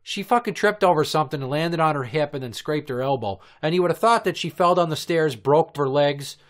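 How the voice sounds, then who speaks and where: A man's voice: on the high side, a little fast. A man in his thirties hosting a comedy podcast, telling crude stories in long, profane, rambling run-on rants. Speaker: podcast host.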